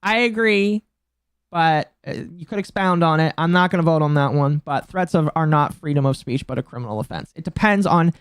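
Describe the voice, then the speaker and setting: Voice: medium pitch, moderate pace, clear, resonant tone, dry recording, clean studio sound. A streamer in their mid-twenties giving casual live-stream commentary, talking bluntly and profanely with a mocking tone that climbs into indignant outbursts. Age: mid-20s.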